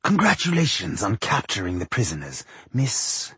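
A man's voice: on the low side, wildly swooping pitch, slightly rough, dry recording, full character voice. A man doing a cold, malicious elf warrior. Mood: coldly mocking. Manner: slow, soft and menacing.

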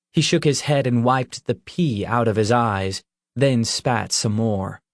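A man narrating an audiobook in measured, even storytelling. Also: medium pitch, no echo, studio quality.

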